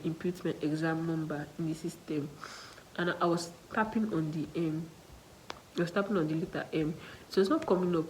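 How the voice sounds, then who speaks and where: A young Nigerian woman, a student nurse, telling a story to her viewers in a casual, animated way, with local slang in her speech. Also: lowish voice, a little hiss or hum, rough recording.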